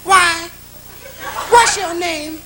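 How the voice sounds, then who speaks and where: A man voicing a defiant young woman in a shrill falsetto, on an old TV broadcast. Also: drawn-out words, heavy background noise, heavily acted. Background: loud audience laughter.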